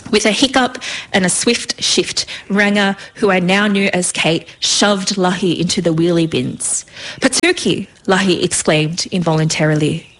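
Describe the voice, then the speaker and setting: A woman's voice: lowish voice, steady tone, moderate pace, few pauses, a bit bright. A woman reading her own story aloud in a vivid, rhythmic way. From Australia.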